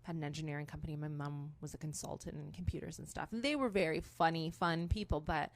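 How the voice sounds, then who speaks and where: A woman in her thirties from Canada, a comedian guest on a radio show, talking in a dry, deadpan way. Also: sits low, fast talker, no room sound. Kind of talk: casual interview.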